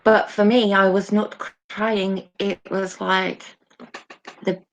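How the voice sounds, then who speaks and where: A woman guest in a casual live chat, describing things in a reflective, drawn-out way over a video call. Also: medium pitch, flat delivery.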